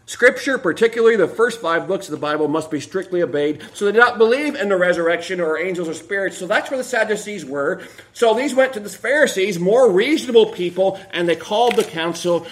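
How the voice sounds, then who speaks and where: A man preaching a sermon as pastor, animated and acting out the quotations he reads. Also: high-pitched, brisk. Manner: animated, acts out quotations with sudden swings in voice.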